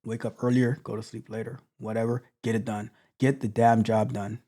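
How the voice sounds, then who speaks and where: Tech coach guy, blunt and repetitive, dark mellow voice, stumbles over restarts. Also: on the low side, little pitch movement, moderate pace. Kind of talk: motivational talk to stream viewers.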